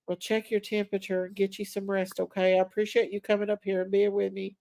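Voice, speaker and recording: A woman's voice: mid-range voice, little pitch movement, quick pace, creaky, mellow, no echo. A middle-aged woman, hosting a casual live stream and talking to her viewers in an emotional, affectionate way. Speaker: livestream host.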